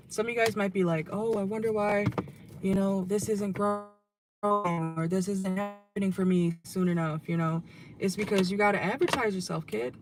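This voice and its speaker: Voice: medium pitch, slight background noise. A young adult tarot reader who is losing their voice, chatting casually to viewers from a car and often tagging a questioning "okay?" onto the end of phrases. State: losing voice, hoarse. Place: inside a car.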